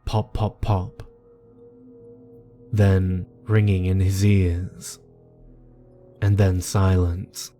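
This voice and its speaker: A man giving a measured, grave reading of a scripted horror story. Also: low-pitched, flat delivery, warm tone. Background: faint music.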